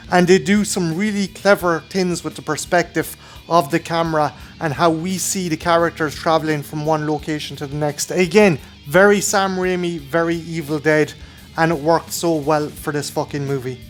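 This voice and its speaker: An Irish man hosting his own film review channel, talking casually and enthusiastically with plenty of swearing. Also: fairly high pitch. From Ireland.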